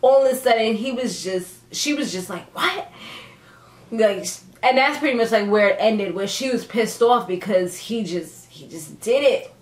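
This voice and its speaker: A woman casually recapping a TV episode for her channel in a sassy, animated way, often laughing as she talks. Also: moderate pace, hardly any pauses. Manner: animated, sassy, dramatic pitch jumps; laughs often while talking. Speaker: TV recap vlogger. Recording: echoey room.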